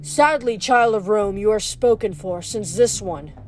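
A woman voicing a menacing male werewolf king, speaking with a low, snarling menace in a read-aloud story. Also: measured pace, a little mellow, faint music behind, lightly acted.

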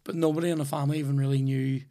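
A Northern Irish podcast host in his thirties tells long, rambling, sweary stories in casual chat. His medium-pitched voice is mellow and flat in delivery, and he talks rapid-fire.

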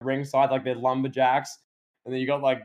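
A man co-hosting a podcast in casual chat, excitable and riffing with plenty of "like". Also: mid-range voice, normal speed, lo-fi sound, a little hiss or hum. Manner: excitable, riffs with lots of "like" and laughter. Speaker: podcast co-host.

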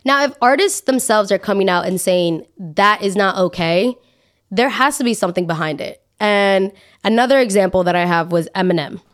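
A woman's voice: medium pitch, moderate pace. A woman hosting a podcast, ranting in a casual, dramatic way with exaggerated asides. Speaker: podcast host. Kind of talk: casual opinion monologue.

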